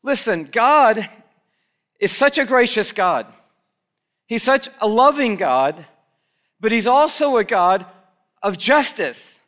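A man preaches a sermon with a bright, crisp tone that sits high in his range. He is animated and keeps slipping into the voices of the people he quotes. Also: slow, long pauses. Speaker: pastor. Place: church.

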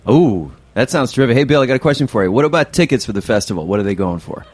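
A man's voice: medium pitch, lively intonation, rapid-fire, darkish tone, breathy edge, no room sound. A man co-hosting a radio show, bantering playfully and joking with the guest. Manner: playful, jokey.

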